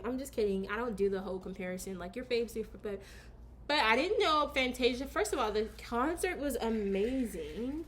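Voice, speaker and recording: A woman vlogger chatting casually to her camera at home, telling a story with slang and quick asides. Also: on the high side, animated, a little hiss or hum. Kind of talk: casual story time chat.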